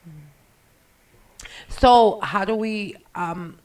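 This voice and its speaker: A radio show host chatting casually, telling stories in an animated, slangy way and asking a guest questions. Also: medium pitch, brisk, recorded from a distance, low-quality recording. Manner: animated, loose storytelling with slang. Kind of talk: casual radio interview chat.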